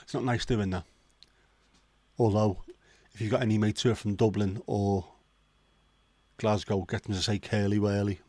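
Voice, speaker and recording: A man's voice: lowish voice, fairly even intonation, normal speed, pauses often, darkish tone, husky, no echo. A man from Liverpool hosting a casual chat livestream, joking and swearing as he chats to viewers. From Liverpool, England. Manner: sweary, joking, chatty asides. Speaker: livestream host.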